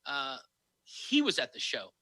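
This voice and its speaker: A middle-aged male comedian co-hosting an online show, telling stories in casual chat, animated and swearing freely. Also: mid-range voice, a little slow, no room sound, low-quality recording. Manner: animated, swears freely, bursts into loud laughter. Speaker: comedian and co-host of an online concert series.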